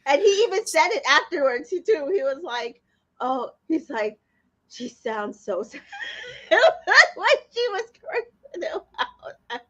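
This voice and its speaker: Animated woman co-host, high lively pitch, lo-fi audio; laughs a lot. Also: measured pace. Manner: animated, laughs often, acts out quotes. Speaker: podcast co-host. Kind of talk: casual reality TV recap chat.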